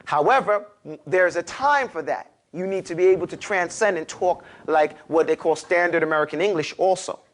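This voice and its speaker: A man with a New York accent teaching a class, lively and animated, urging his students to repeat after him. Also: a little high. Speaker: Arabic teacher. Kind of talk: classroom lecture.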